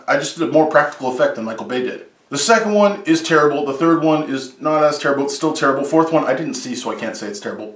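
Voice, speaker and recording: A man's voice: a little high, fairly bright tone, echoey room, recorded from a distance. A man hosting a comedic top-list movie review, sarcastic and full of jokey asides.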